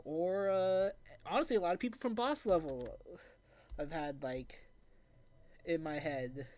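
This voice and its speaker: A woman chats casually over voice chat in a lowish voice that swings widely in pitch. She talks hesitantly, filling her sentences with "like" and restarting them. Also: lively intonation, moderate pace, long pauses, a little mellow, no echo. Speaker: guest on voice chat.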